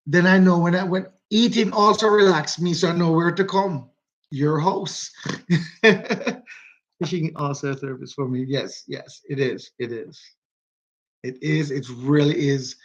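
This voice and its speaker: Rambling Jamaican man on lo-fi audio. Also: medium pitch. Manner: rambling, repeats himself for emphasis. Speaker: livestream host. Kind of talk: casual live chat to viewers.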